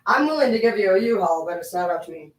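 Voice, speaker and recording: A woman rambles on at home with frequent swearing, her talk loose and animated. Her voice rings in an echoey room and sits some distance from the mic. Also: mid-range voice, fast talker. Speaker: vlogger. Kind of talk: rambling casual monologue. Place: home, indoors.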